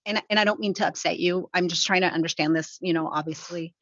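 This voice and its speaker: A woman on a commission questioning a licensee at a hearing, in a measured, polite and probing way. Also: lowish voice, fairly even intonation, fairly bright tone, dry recording, highs cut off. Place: hearing room.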